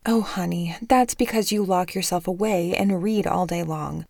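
A woman voicing an exasperated, sharp-tongued middle-aged mother in an audiobook, scolding and emphatic. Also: fairly low pitch, moderate pace, creaky, no echo, studio quality.

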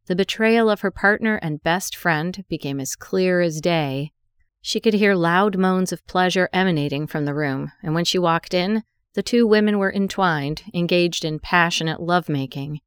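A woman narrating an audiobook story in an even, measured way. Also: fairly low pitch, clean tone, no echo, studio quality.

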